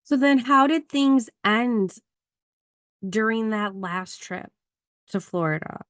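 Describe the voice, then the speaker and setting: A woman podcast host interviewing a guest, prompting with quick, incredulous questions. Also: on the high side, animated, fairly bright tone, dry recording, studio quality.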